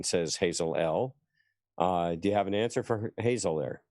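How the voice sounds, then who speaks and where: A man's voice: low voice, animated, normal speed, darkish tone, dry recording, studio quality. A man hosting a live online show, reading out viewer comments in a hesitant way, with many uhs. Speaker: host.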